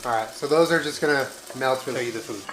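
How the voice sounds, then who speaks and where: A man cooking in his home kitchen, talking through the steps in a relaxed, laid-back way. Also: mid-range voice, a little fast, slight background noise. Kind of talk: casual cooking chat. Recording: roomy kitchen with clear music behind.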